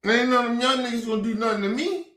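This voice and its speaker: A man ranting angrily and profanely on a livestream, repeating himself and breaking into shouts. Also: extremely high pitch, rapid-fire. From Baltimore. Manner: angry, profane, repetitive, shouting bursts. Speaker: streamer. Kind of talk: heated livestream rant. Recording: roomy echo.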